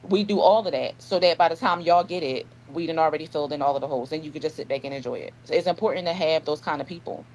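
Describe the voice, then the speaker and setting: Animated woman author, low voice. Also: fast talker, hardly any pauses, slight background noise, low-quality recording. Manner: animated storyteller, acts out dialogue. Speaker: author guest. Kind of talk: casual interview chat.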